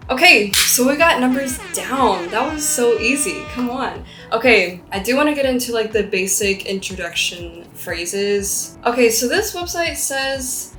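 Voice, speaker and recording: A woman's voice: on the high side, fairly bright tone. A young woman in her twenties, chatting curiously in a casual language-learning vlog and laughing at herself. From United States. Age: 20s. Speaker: vlogger. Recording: roomy sound with faint background music.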